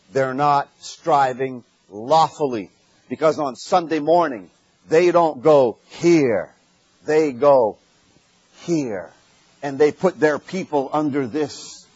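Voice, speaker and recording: Male preacher, high and husky, unhurried and emphatic, dry muffled sermon tape. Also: a little mellow, dry recording. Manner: emphatic, repeats key phrases, builds to raised climaxes.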